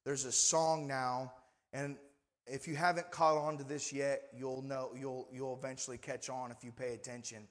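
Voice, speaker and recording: A man's voice: mid-range voice, long reverb tail. A male pastor preaching a sermon in a conversational manner, often asking the congregation for responses. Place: church sanctuary.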